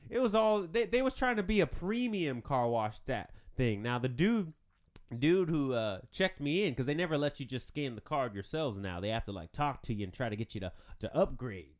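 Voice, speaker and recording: Animated man riffing on a comedy podcast. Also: mid-range voice, moderate pace. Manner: animated, rambling, laughs at his own jokes. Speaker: podcast host. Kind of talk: casual comedic monologue.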